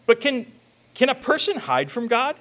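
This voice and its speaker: A man preaching a sermon in a conversational, joking way, slipping into quick quoted asides. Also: very high voice, big pitch swings, sharp tone. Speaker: pastor.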